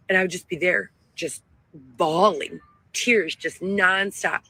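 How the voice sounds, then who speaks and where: A woman's voice: on the low side, steady tone, normal speed, gravelly, sharp tone, breathy edge, low-quality recording. A woman talking in a wandering, emotional and self-righteous way, in a clip played back. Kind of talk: rambling monologue. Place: outdoors, living in a tent.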